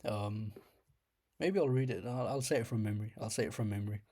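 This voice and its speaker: A man's voice: lowish voice, a little fast, mellow. A young man with a slight lisp telling a rambling comic story about his dreams in a casual way, laughing at himself now and then. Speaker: storyteller host.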